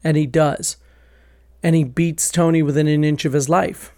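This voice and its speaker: A man's voice: a little high, steady tone, moderate pace, warm tone, no echo, studio quality. A man talking casually and enthusiastically about a favorite film, acting out quoted lines. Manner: enthusiastic, acts out quoted lines in raised voices. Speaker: film reviewer.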